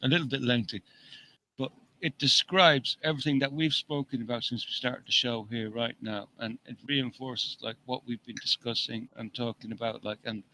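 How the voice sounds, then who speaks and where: A man's voice: medium pitch, fairly even intonation, normal speed, pushed and bright, slight background noise, poor audio. A man co-hosting a casual talk show, rambling with frequent restarts and swearing freely as he reads long passages from an article. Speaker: podcast co-host. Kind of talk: casual chat, reading an article aloud.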